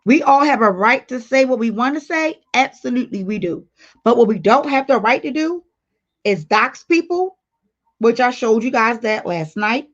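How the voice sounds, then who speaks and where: A woman's voice: on the high side, lively intonation, moderate pace. A woman hosting a casual livestream, reading viewer comments aloud and talking straight to her viewers in a blunt, playful way. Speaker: livestream host. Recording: dull lo-fi stream audio.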